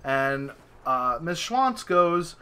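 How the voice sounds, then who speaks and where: A young man, a podcast host, telling a story in casual chat, animated and profane, acting out his own reactions. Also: a little high, extremely slow, clear, resonant tone.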